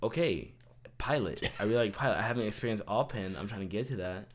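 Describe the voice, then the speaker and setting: A man's voice: on the low side, fast. A young man co-hosting a casual chat show, talking in a playful, rambling way with bursts of mock indignation. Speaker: podcast co-host.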